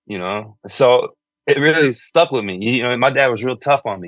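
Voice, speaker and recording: A man being interviewed about his music, talking loosely and filling pauses with "you know". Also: medium pitch, fairly bright tone, no echo. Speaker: musician guest. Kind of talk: conversational interview.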